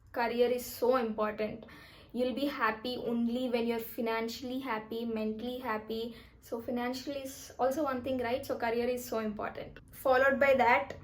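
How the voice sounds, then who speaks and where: A young woman with a slightly high voice gives life advice in a casual vlog. She talks in a chatty, emphatic way and now and then eats while she speaks. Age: 20s. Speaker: vlogger.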